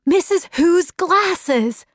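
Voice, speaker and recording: A woman's voice: very high voice, expressive, very slow, no echo, clean studio sound, pitched above the performer's own voice, exaggerated voice. A woman voicing an anxious young girl pleading with urgency in an audiobook. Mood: urgent. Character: anxious, stubborn young girl desperate for her father.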